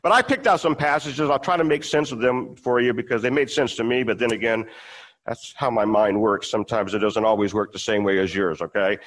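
A man's voice: mid-range voice, a little fast, fairly bright tone, poor audio. A man preaching as a pastor, reading scripture passages and explaining them in a conversational way, with frequent restarts. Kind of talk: sermon.

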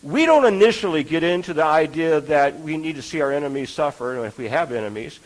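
A man's voice: on the high side, expressive, brisk, poor audio. A man preaching a sermon in an earnest, conversational way, often asking his listeners rhetorical questions.

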